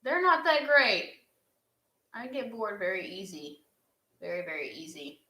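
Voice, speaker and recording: A woman's voice: medium pitch, sing-song, unhurried, pushed and bright. A young woman answers fan questions in an earnest, heartfelt casual chat, with laughs along the way. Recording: echoey room.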